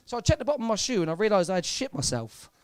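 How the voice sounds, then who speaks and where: Deadpan young comedian. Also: male voice, sits high, very fast, no room sound. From Southampton, England. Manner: deadpan, hesitant delivery with many fillers and repeats. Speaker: stand-up comedian. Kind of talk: live stand-up set. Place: comedy club stage.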